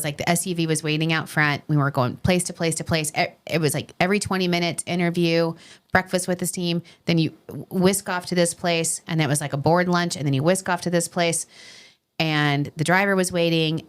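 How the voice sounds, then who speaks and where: A middle-aged woman with a New York accent, hosting a podcast as a casual chat and telling animated stories. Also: lowish voice, clean tone. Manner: animated storyteller, quotes people in voices. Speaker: podcast host.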